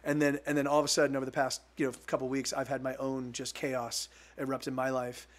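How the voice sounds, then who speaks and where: A man musician on a live stream, talking haltingly between songs, choked up and full of restarts. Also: mid-range voice, completely flat delivery. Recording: guitar music behind.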